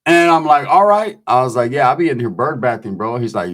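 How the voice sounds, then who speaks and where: A man's voice: mid-range voice, lively intonation, a little fast, fairly bright tone. A man telling prison stories in casual, profane street talk, acting out the voices of the people in them. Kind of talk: casual storytelling.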